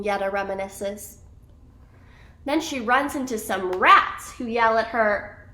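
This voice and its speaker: A woman telling a children's story in an expressive, animated way. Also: fairly high pitch, slow pace.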